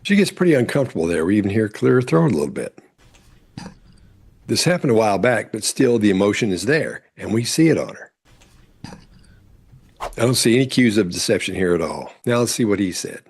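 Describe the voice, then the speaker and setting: Gravelly, husky male commentator. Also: lowish voice, sing-song. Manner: measured, explaining step by step. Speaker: body-language commentator. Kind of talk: explanatory video commentary.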